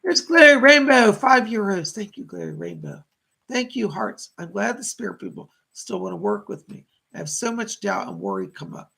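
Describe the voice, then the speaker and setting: A man's voice: high-pitched, huge pitch swings, normal speed, gravelly, bright, forceful tone, breathy edge. A man hosting live-streamed psychic readings, relaying messages from spirits and thanking viewers for their donations. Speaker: psychic medium host.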